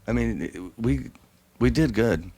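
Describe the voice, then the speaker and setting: A man tells long, meandering band stories in a casual interview. His voice sits at an ordinary middle pitch, and he talks loosely and profanely, slipping into quick impressions of the people he quotes. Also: lively intonation, dark tone, husky, dry recording. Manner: loose, profane, rambling storyteller who acts out quoted voices. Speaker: drummer, interview guest.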